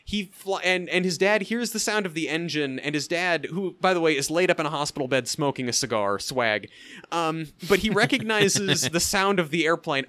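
A man co-hosting a podcast, recapping a film in casual, jokey chat with lively asides. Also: on the high side. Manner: animated, jokey, quick asides with laughs. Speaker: podcast co-host reviewing a film.

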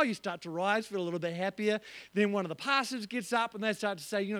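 A male pastor delivers a sermon in a church, his voice sitting strikingly high. He talks in an animated, joking way and slips into little acted-out voices. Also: fast talker, no room sound.

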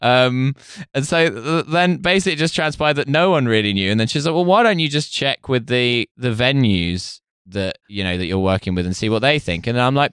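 A man's voice: medium pitch, a little fast, a bit bright, clear, resonant tone, dry recording, clean studio sound. A man from the UK, co-hosting a comedy chat, telling an exasperated anecdote with swearing and quoted voices. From United Kingdom. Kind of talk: casual comedic storytelling.

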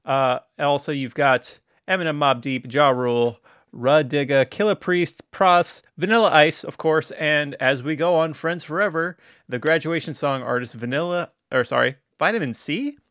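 A man's voice: a little high, moderate pace, a bit bright, clear, resonant tone, dry recording. A man co-hosting a casual podcast, reading notes and dropping dry, wry asides. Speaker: podcast co-host. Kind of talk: casual chat.

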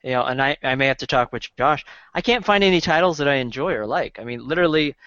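A man's voice: medium pitch, expressive, quick pace, bright, forceful tone, no room sound, muffled recording. A man hosting a casual podcast chat, hesitant and often repeating words. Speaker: podcast host.

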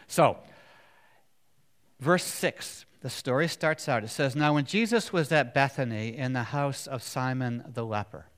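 Guy preaching, chatty, keeps asking the room questions, gets loud then drops real quiet. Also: medium pitch, measured pace. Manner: conversational, asks the congregation questions, swings from loud to hushed. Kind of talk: sermon.

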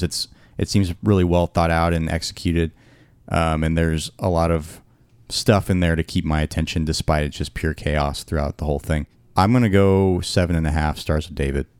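A man co-hosting a casual album review chat, talking in a relaxed, rambling way with frequent restarts. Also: low-pitched, clear, resonant tone, no room sound, studio quality. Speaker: podcast co-host reviewing an album.

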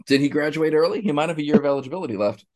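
A man's voice: a little high, rapid-fire. Rambling man in casual sports talk. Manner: rambling, animated, frequent restarts and laughs. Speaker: podcast co-host.

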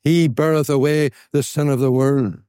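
A man's voice: mid-range voice, steady tone, warm tone, smooth, dry recording, clean studio sound. Earnest Northern Irish man preaching. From Northern Ireland. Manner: earnest, repeats words for emphasis; slows down and stresses key phrases. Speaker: gospel preacher. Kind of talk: evangelistic sermon.

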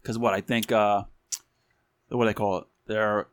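A man's voice: fairly low pitch, level tone, moderate pace, clear, resonant tone. A man co-hosting a podcast in casual chat, laid-back and slangy, with frequent hesitations. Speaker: podcast co-host.

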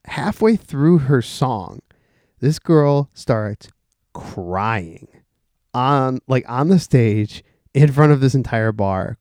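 A man's voice: lowish voice, a little mellow, no echo, studio quality. A young man hosting a casual solo podcast, rambling with many fillers, restarts and the odd swear word. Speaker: podcast host.

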